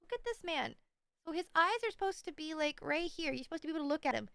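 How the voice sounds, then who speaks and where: Bright, chatty woman streamer. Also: high-pitched, racing, vocal fry, no echo. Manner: rambling, playful, self-mocking. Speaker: livestreamer. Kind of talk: casual stream chat.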